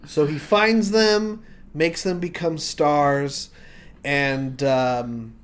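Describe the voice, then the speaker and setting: A man pitching a comic idea, telling it as an animated story and acting out scenes. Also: extremely slow, smooth. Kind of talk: comic pitch, casual banter.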